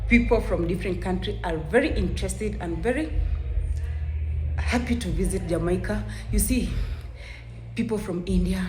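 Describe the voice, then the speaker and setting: A woman's voice: lowish voice, warm tone. A woman hosting a reaction video, commenting in an earnest way that repeats itself. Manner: earnest, repetitive, praising. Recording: echoey room with faint music.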